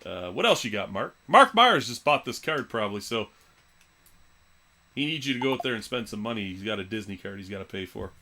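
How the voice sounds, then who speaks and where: A man's voice: on the low side, big pitch swings, fairly quick, bright, forceful tone, a little hiss or hum. A man hosting a live sports card auction stream, joking loosely between calls of prices. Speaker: live card break host.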